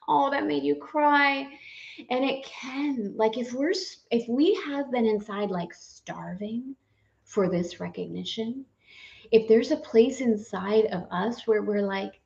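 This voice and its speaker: A woman's voice: on the high side, slow, creaky, a little mellow, lo-fi sound. Playful woman leading affirmations in a roomy space. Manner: playful, effusive, laughing often. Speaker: spiritual course guide. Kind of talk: live guided affirmation session.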